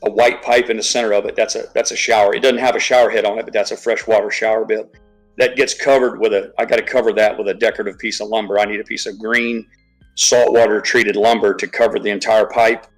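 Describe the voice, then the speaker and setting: A man's voice: lowish voice, little pitch movement, fast, low-quality recording. Guy rambling on a livestream, swears a lot, lots of restarts, faint music behind. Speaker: live stream guest. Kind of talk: casual chat.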